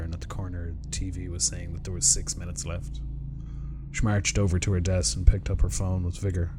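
A man narrating a short story in a measured, even storytelling delivery. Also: low-pitched, noisy background. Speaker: narrator reading short stories. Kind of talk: scripted story reading. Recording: music bed under the voice. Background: music.

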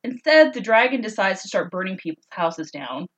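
A woman's voice: medium pitch, big pitch swings, normal speed, husky, rough recording. Chatty joking woman retelling a story. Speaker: podcast co-host. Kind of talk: casual chat retelling a story.

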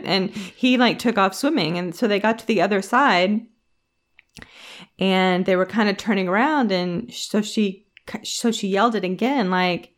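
A woman co-hosting a casual podcast chat, telling a story with lively quoted voices and frequent restarts. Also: medium pitch, moderate pace. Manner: storytelling, animated when quoting others. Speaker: podcast co-host.

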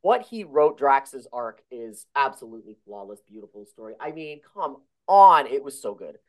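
A man's voice: mid-range voice, sing-song, moderate pace. A man co-hosting a casual film review podcast, gushing with enthusiasm and heaping on superlatives. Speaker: podcast co-host.

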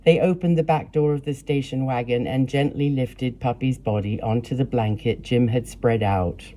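A woman reading her own memoir aloud in a measured, plain storytelling way. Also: a bass voice, mellow, slight background noise. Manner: measured, plain storytelling with blunt profanity in quotes. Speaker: memoir narrator. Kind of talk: first-person memoir reading.

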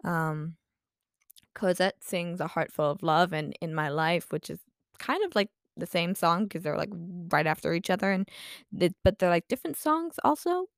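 A woman's voice: on the low side, animated, moderate pace, no room sound, studio quality. A woman chatting casually in a vlog, rambling and self-deprecating with lots of fillers, her voice a bit tired. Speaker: vlogger.

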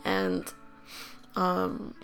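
A woman's voice: very deep voice, very animated, drawn-out words, fairly bright tone, soft background music. A young woman hosting a podcast, telling a personal story in a candid, rambling way, full of "like" and fillers. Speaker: podcast host.

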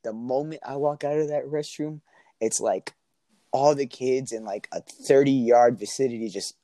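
A man's voice: mid-range voice, normal speed, dark tone, no echo, studio quality. A young man telling a story in a casual, slangy way and laughing often. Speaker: guest.

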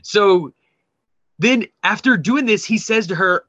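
A man's voice: sits high, takes it slowly, no room sound, highs cut off. A man co-hosting a podcast, telling stories animatedly with laughter and swearing as he reads memes aloud. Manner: animated, laughing, profane storytelling. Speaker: podcast co-host. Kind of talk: casual chat reading memes.

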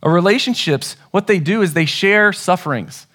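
A man's voice: sits high, lively intonation, moderate pace, fairly bright tone. A man in his thirties preaching a sermon as pastor, telling family stories in an earnest, conversational way. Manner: conversational, earnest storytelling with restarts.

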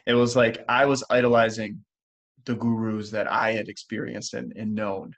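A man's voice: on the low side, little pitch movement, moderate pace, dull audio. A man co-hosting a spiritual podcast, talking in an earnest, emotional, rambling way with many restarts. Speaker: podcast co-host. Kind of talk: casual spiritual podcast chat.

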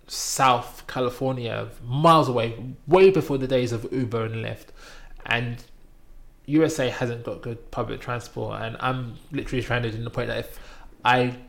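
A man with a gravelly, rough-edged voice talks through a travel anecdote in relaxed conversation. He is from Britain and animates the story, putting on louder voices for the people in it. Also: mid-range voice. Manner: animated storytelling, acting out quoted voices loudly. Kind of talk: casual chat, anecdote.

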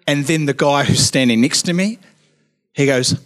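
A man's voice: mid-range voice, moderate pace. A man in his forties preaching a sermon with chatty personal stories and self-mocking jokes.

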